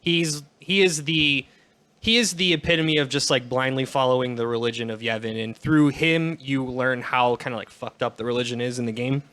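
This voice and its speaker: A man co-hosting a comedy podcast, cutting in with quick, wry asides. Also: mid-range voice, fairly even intonation, a bit bright, clear, resonant tone. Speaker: podcast co-host. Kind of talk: casual comedic chat over a call.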